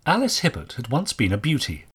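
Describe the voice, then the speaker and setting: A man narrating a mystery story with an expressive, varied delivery. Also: mid-range voice, fairly quick, breathy edge. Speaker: audiobook narrator.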